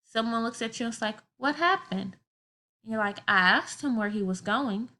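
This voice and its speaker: A woman's voice: on the high side, steady tone, fairly quick, pushed and bright. A woman teaching a grammar lesson to children, explaining patiently step by step with everyday examples.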